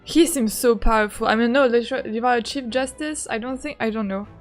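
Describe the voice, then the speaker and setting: A woman streaming a game playthrough, excitable and giggly, talking loosely with lots of fillers. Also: fairly high pitch, fast talker, hardly any pauses, soft background music.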